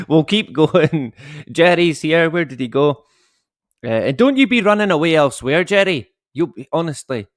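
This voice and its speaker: A man in his thirties hosts a livestream from home, casually greeting and chatting with viewers while cracking jokes about himself, swearing freely, and laughing often. The mid-range voice comes through at studio quality with no room sound.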